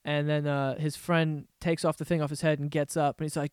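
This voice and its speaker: A young man rants on his podcast in a crisp, smooth voice that sits a little high. He tells a story casually, swearing often, exasperated and joking. The sound is close and dry, with no room echo. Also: little pitch movement, a little fast, hardly any pauses. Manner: profane, exasperated, jokey storytelling. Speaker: podcast host. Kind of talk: casual ranting monologue.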